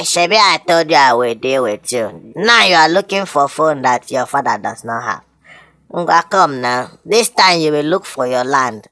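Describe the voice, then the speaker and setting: A woman's voice: on the low side, bright, forceful tone, dry recording, exaggerated voice. A woman with a Nigerian accent playing a tough, confrontational woman who threatens to fight in a comedy skit. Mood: taunting. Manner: confrontational, threatening, mixing Pidgin. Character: tough woman picking a fight, easily provoked.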